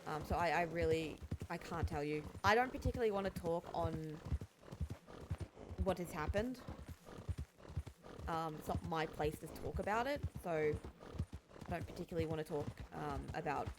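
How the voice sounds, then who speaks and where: Chatty woman streamer with a lowish voice. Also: expressive, noisy background. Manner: chatty, rambling, recounts scenes with quick voice changes. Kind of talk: casual chat to stream viewers while gaming.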